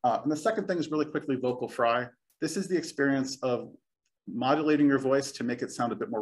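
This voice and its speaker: A man's voice: medium pitch, fast. A young man giving a friendly, reassuring talk on public speaking, sometimes joking at his own expense. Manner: friendly, reassuring, occasionally self-deprecating. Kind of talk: recorded talk.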